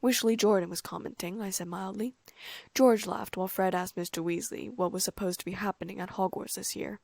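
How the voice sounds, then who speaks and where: Woman, audiobook narrator, fan fiction, lively storytelling, gravelly, dry close sound. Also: mid-range voice, brisk, no room sound. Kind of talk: reading fan fiction aloud.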